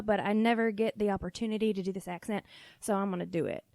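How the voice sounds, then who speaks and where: A woman podcast host telling a funny family story in a casual, animated way, laughing often and swearing freely. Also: mid-range voice, brisk, dry recording.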